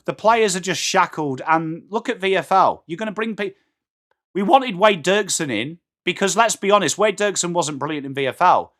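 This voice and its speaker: An English-accented man streams a live footy watchalong, calling the play in a high, bright, forceful voice. He is blunt and excitable, swears freely and breaks off to greet viewers in the chat. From England. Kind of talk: live football reaction commentary.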